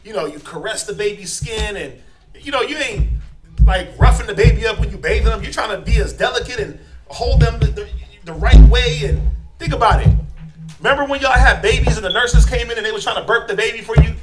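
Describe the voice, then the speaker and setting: A man's voice: high-pitched, a little fast, loud music behind the voice. A man with an American accent teaching a class in a casual, joking way, often acting out voices in quoted asides. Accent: American English.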